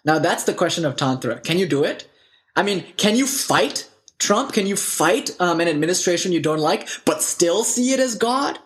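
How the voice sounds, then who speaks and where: A man casually telling spiritual stories, animated and loose, full of fillers and asides. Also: high-pitched, moderate pace.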